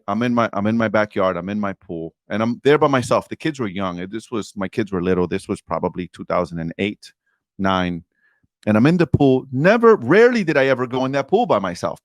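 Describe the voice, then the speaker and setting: This candid storytelling interview features a podcast guest, a man in his forties with a mid-range voice. Addressing the host directly, he recounts something from his own life with earnest emphasis. The recording is dry.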